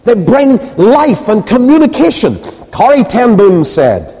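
A man preaching a sermon with emphatic, rhetorical delivery, then dropping soft and low as he leads a prayer. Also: sing-song, a little slow, breathy edge. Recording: reverberant hall.

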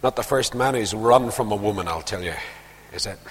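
A man's voice: fairly low pitch, a little fast, breathy edge. Preacher man in a reverberant hall. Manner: reads verses aloud, then drops into quiet conversational asides. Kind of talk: sermon, reading scripture with asides. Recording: long reverb of a large hall.

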